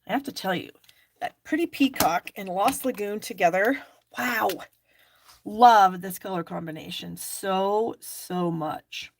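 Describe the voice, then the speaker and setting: A woman's voice: mid-range voice, unhurried, vocal fry. A woman hosting a live stamping class, chatting and thinking aloud as she works. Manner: chatty, thinks aloud while working, fillers. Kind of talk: live craft demonstration.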